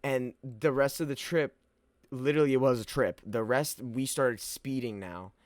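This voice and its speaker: A man's voice: mid-range voice, normal speed, no room sound. A young man casually retelling a wild personal story, rambling and swearing as he goes. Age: young adult. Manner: profane, rambling, animated retelling.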